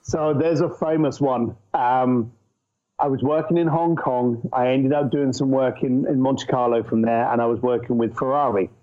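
A man's voice: mid-range voice, normal speed. Muffled middle-aged man telling stories. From England. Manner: animated anecdotal storyteller. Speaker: guest entrepreneur. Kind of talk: casual storytelling interview. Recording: muffled lo-fi audio.

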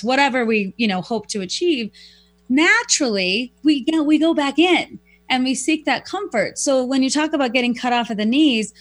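A woman guest who speaks professionally, telling stories in a reflective, animated way and acting out quoted lines. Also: on the high side. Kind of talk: conversational storytelling.

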